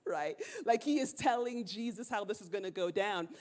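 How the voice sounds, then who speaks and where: A woman's voice: medium pitch, moderate pace. A woman preacher telling a story in a sermon, casual and slangy, acting out the people she quotes. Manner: animated, slangy, acts out quotes. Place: church sanctuary.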